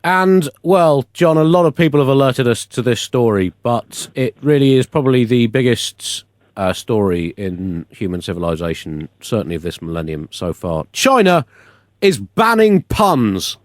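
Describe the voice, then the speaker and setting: A man co-hosting a satirical comedy podcast, telling a string of puns with mock outrage and deadpan delivery. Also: on the low side, normal speed, no echo, studio quality. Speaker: podcast co-host.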